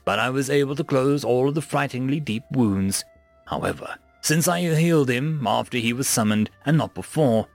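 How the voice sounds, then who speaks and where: Man, story narration, gravelly, husky, lively pitch, faint music behind. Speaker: story reader. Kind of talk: first-person story narration.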